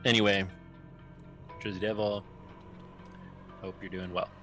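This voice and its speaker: A man's voice: fairly low pitch, little pitch movement, unhurried, fairly bright tone, soft background music. A man co-hosting a casual podcast, reading trivia questions aloud and joking with his co-host. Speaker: podcast co-host, quiz master.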